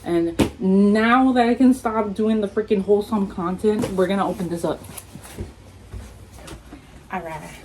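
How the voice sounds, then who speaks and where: A woman's voice: mid-range voice, measured pace, pauses often. Hyper young texan girl unboxing stuff, swears nonstop, squeals, faint hiss behind. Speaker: vlogger unboxing masks and merch. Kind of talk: casual unboxing vlog.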